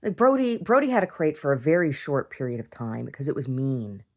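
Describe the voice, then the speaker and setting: A low-pitched middle-aged woman keeps a casual video diary. She talks bluntly, swears freely and drifts from one rant into the next. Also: sing-song, a little fast, darkish tone. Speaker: video diarist. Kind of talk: casual rambling monologue.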